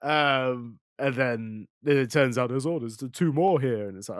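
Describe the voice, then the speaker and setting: A young man co-hosting a podcast in casual chat, laughing often and dropping into low mumbles to act out quotes. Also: normal speed, no room sound, clean studio sound. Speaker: podcast co-host.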